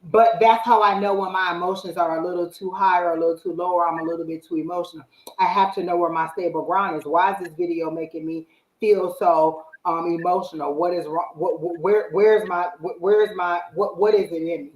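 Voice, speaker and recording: A woman hosting a live psychic reading stream and giving casual spiritual advice in an animated way, acting out her own inner voice. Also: lowish voice, fairly quick, echoey room, rough recording.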